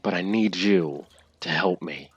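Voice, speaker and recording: A man voicing a vengeful male cult leader in a tabletop game, moving between shouted rage and soft, soothing persuasion. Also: sits low, unhurried, breathy edge, no echo, dull audio, voice pushed down. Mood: calm caring.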